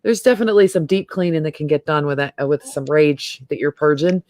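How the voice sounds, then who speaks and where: A woman's voice: deep voice, quick pace, a little mellow, slight background noise. A middle-aged woman hosting a casual livestream chat, talking freely and laughing often. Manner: chatty, laughs often, trails off and restarts. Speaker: host.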